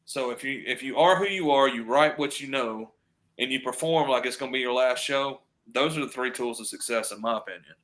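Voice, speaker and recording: A man's voice: medium pitch, fairly quick, a bit bright. A man, a guest chatting casually on a podcast and telling stories with acted-out quotes. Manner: storytelling, acts out quoted voices, drawling repeats.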